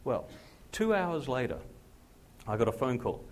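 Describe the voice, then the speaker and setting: A man preaches a personal testimony with a medium-pitched voice. He tells the story with great animation, leaping up in pitch to act out the dialogue. He then drops to a slow, soft delivery when he makes his points. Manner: animated storyteller who acts out dialogue with big pitch jumps. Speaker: pastor.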